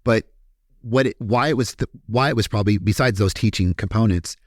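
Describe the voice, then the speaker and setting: Low-voiced candid man from Kentucky. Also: a little fast, no room sound, clean studio sound. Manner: candid, profane, animated. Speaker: podcast guest. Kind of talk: casual storytelling interview.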